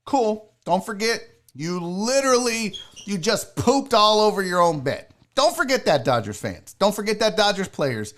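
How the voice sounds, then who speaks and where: A man hosting a solo sports talk show, ranting loudly and mockingly with lots of swearing. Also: high voice, sing-song, normal speed. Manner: loud, mocking, profane ranting.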